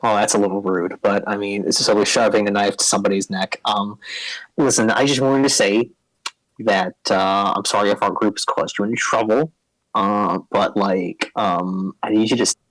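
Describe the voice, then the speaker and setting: A man's voice: lowish voice, steady tone, normal speed, fairly bright tone, no echo, close to an everyday voice, low-quality recording. A man voicing a nervous, over-polite young nerd who rambles out apologies. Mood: apologetic.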